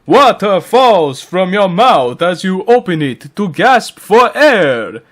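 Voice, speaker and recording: A grand, pompous vampire count, hammed up by a man who stretches his words out in a booming, theatrical way. The voice sits noticeably higher than a normal speaking voice and carries a loud, showy edge. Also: big pitch swings, exaggerated voice. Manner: booming, drawn-out theatrical delivery.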